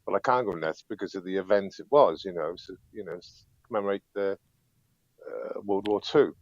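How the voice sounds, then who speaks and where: A man calling in to a live stream who talks in a halting, stammering way and chuckles between his words. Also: low-pitched, no echo, lo-fi sound. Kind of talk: casual chat.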